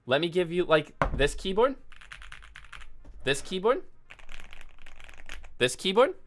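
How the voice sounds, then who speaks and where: A man's voice: high voice, very animated, slow, fairly bright tone, a little hiss or hum. A man hosting a keyboard vlog, ranting in an exasperated, sarcastic way and apologizing between outbursts. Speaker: keyboard video host.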